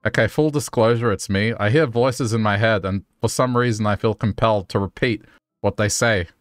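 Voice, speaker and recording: Low-voiced joking male game streamer. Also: normal speed, no room sound, clean studio sound, faint music behind. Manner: jokey, talks to game characters in character. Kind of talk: playful gameplay commentary.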